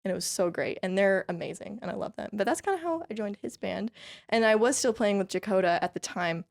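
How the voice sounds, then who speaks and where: Her pitch sits in the middle, a little fast and creaky. This Californian fiddler in country music shares lively tales as a podcast guest, peppering them with "like," "you know," and frequent laughter in a casual, cheerful interview.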